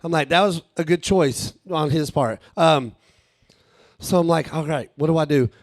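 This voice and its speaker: A man, telling a profane, animated stand-up story at a live show. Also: on the high side, normal speed, no room sound. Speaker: stand-up comedian. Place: live show with a small audience.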